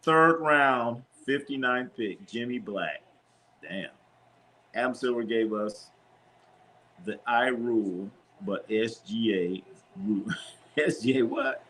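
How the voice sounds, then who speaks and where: Male streamer, casual live game calls and banter with chat, relaxed and repetitive, mid-range voice. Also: mid-range voice, slow, long pauses, slight background noise. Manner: loose, joking, repeats himself, talks to chat. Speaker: sports watch-party streamer.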